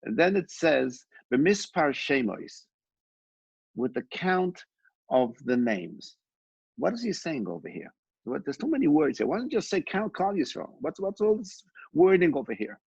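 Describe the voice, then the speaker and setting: Male Torah teacher, conversational storyteller, husky voice, dull lo-fi recording. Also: a little high, darkish tone, dry recording. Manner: conversational, with frequent restarts and quoted dialogue. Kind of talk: informal Torah class with storytelling.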